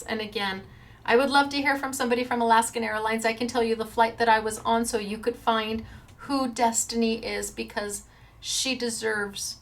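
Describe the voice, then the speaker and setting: A woman's voice: a little high, a bit bright. Earnest, emotional woman crafting host. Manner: earnest and emotional, quick to tear up. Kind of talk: casual chat to viewers.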